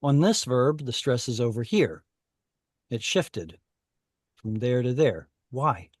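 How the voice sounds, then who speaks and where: A man teaching an online language lesson, taking his time with each point. His voice sits at a middle pitch and sounds close and dry, with no room around it. He explains patiently and pauses to think aloud. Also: big pitch swings, no room sound. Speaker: Hebrew teacher. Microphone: video call.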